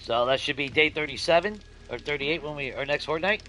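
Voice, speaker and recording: A young adult man hosting a let's-play, chatting casually to his viewers, swearing freely and swinging between grumbling and giddy excitement. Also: on the high side, brisk, a little hiss or hum. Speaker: gaming channel host.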